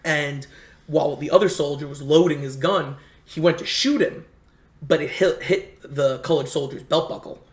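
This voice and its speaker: Man telling rambling history stories, echoey room. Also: on the high side. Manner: rambling, halting history storyteller with many restarts. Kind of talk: casual storytelling chat.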